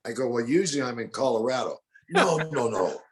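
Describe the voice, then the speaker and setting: An older man telling animated stories in an interview, acting out the people he quotes. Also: medium pitch, brisk. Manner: colorful storyteller, acts out quotes in other voices. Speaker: bounty hunter guest.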